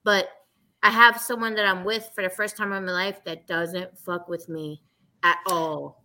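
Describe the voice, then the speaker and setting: A woman's voice: lowish voice, steady tone, unhurried, bright, forceful tone, rough recording. A woman speaking frankly and emphatically in a casual chat, swearing and repeating words for emphasis.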